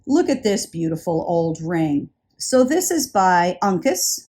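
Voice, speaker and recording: A woman's voice: lowish voice, big pitch swings, a little slow, a little mellow, slightly rough. A woman vlogging a casual haul video about jewelry she bought, chatty and enthusiastic, often repeating words for emphasis. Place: indoors, traveling.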